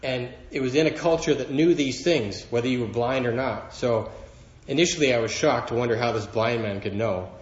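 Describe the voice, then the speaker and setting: A man with a mid-range voice preaches a sermon to a congregation, speaking a little fast with few pauses. He is earnest, rising in emphasis as he quotes scripture. The room is echoey and the highs are cut off.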